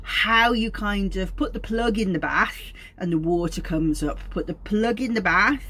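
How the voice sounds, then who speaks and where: A woman's voice: mid-range voice, unhurried, a bit bright. Woman telling meandering stories. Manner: meandering anecdotal storytelling. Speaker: aromatherapist. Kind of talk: informal teaching talk.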